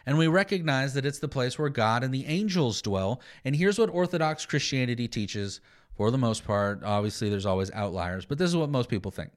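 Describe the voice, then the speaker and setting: Brief: male podcast Bible teacher, animated, mid pitch, playful sarcasm. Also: brisk. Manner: animated, sarcastic asides, explanatory.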